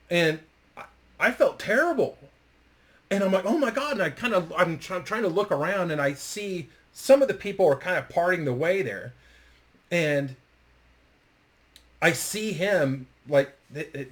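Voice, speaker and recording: A man telling a story with casual energy, cursing freely. His voice sits a little high. He acts out the other people's lines as he goes. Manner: animated, swears freely, acts out quotes.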